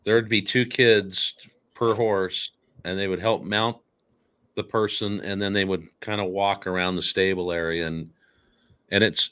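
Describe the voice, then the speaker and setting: A man hosting a casual talk show, speaking earnestly and haltingly with many fillers. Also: sits low, a bit bright. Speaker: podcast host.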